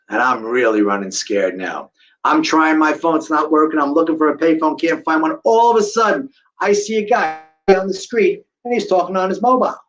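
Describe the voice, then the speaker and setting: New guy telling his story to a crowd, acts out all the back and forth, voice a bit high. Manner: animated, acts out each quoted exchange. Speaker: guest speaker. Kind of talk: live storytelling talk to an audience.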